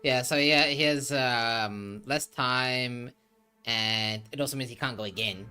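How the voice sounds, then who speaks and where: Co-caster, a relaxed, teasing man with a bright forceful tone, casual commentary over light music. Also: mid-range voice, measured pace, smooth.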